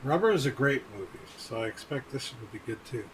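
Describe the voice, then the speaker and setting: A man's voice: medium pitch, expressive, fast, background noise. A man joining a podcast chat, blunt and swearing casually.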